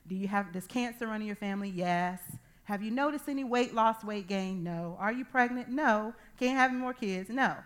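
A woman in her thirties or forties preaching a sermon, telling a personal testimony with animated, acted-out dialogue. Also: medium pitch, moderate pace. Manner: animated storytelling, acting out dialogue.

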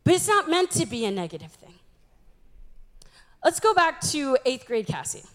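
Young woman, very high-pitched voice, chatty, self-mocking, humorous church talk. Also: very animated, moderate pace. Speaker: youth speaker.

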